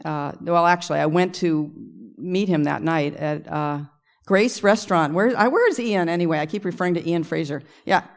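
A woman's voice: on the low side, moderate pace. A middle-aged woman composer telling rambling stories at a luncheon Q&A, often stopping to correct herself and adding laughing asides. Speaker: composer and arranger guest. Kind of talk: storytelling at a luncheon Q&A. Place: luncheon event room.

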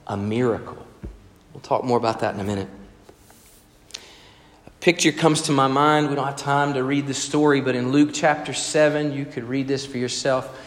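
A man preaching a sermon in an animated, conversational storytelling way. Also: a little high. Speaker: pastor. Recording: echoey hall with long reverb.

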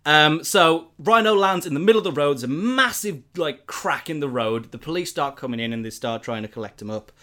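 Dude telling a story, excited, all over the place. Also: male voice, fairly high pitch, fairly quick, hardly any pauses. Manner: animated, rambling storyteller with many fillers. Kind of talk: casual plot retelling.

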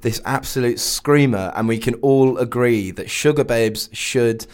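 A man's voice: medium pitch, measured pace. A man hosting a radio show, chatting casually and rambling with lots of fillers.

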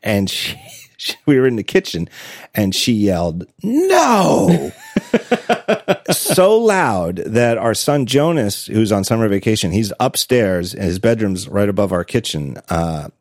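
A podcast host with a lowish, slightly mellow voice speaks animatedly at normal speed. In casual chat he tells stories, laughing often and correcting himself. The audio is clean studio sound with no room echo.

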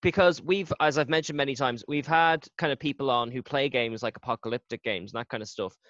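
A man's voice: medium pitch, fairly quick, fairly bright tone, dry recording. A man hosting a casual interview, amused and easygoing as he asks questions. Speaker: podcast host, drama teacher. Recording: dry, dull lo-fi.

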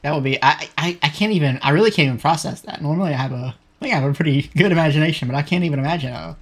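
A man's voice: on the high side, racing, slightly rough. A man co-hosting a casual podcast, teasing his friends with dry sarcasm. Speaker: podcast co-host.

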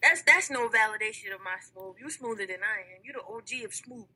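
A woman's voice: a little high, expressive, a little fast, bright, forceful tone, breathy edge. A woman chiming in during casual chat, laid-back and teasing.

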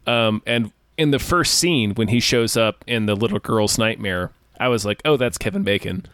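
A man's voice: on the low side, a bit bright, smooth, no echo. Man chatting about a movie, dry sound. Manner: measured, with repeated starts. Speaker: podcast co-host. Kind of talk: casual movie-review chat.

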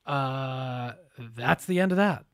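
A man's voice: mid-range voice, slow, smooth. A man co-hosting a political podcast, casual, sarcastic and loose, with some swearing. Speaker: podcast co-host.

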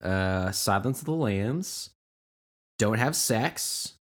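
A man co-hosting a podcast in casual chat, playful and quick to laugh. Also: fairly low pitch. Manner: laughs often, animated and playful. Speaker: podcast co-host.

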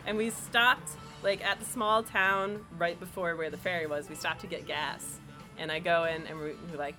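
A woman from New York telling a personal story as an interview guest, animated and full of "like" fillers. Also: on the low side, normal speed, over music. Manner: animated, filler-heavy with lots of "like". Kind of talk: casual storytelling.

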